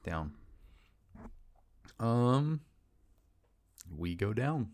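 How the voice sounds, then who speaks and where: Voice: mid-range voice, very animated, drawn-out words, darkish tone. A player in a casual tabletop game, chatty and hesitant, laughing often.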